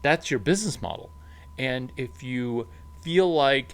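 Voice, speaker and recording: Guy ranting to camera about startups, slow and emphatic, big jumps up on key words. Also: mid-range voice, clean tone. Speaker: startup advisor. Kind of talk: animated monologue to camera.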